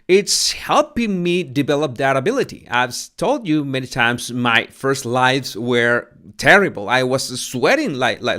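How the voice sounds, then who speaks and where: Smooth-voiced man with a Latin American Spanish accent. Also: mid-range voice, fairly bright tone. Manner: hesitant, stuttering restarts; careful with pronunciation. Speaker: channel host. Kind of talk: casual rambling live chat.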